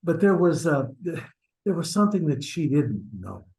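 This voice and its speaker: A man's voice: a little high, big pitch swings, moderate pace, a little mellow, poor audio. A man acting an online stage scene as a flustered husband hiding an affair, stammering and sheepish as he presses his friend. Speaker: acting student. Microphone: video call.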